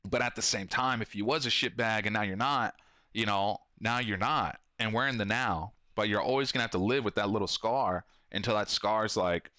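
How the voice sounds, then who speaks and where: A man's voice: fairly low pitch, a little fast, bright, forceful tone, dry recording. Rambling, foul-mouthed man. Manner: rambling, swears a lot, acts out quotes. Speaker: podcast host and shop owner. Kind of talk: casual profane monologue.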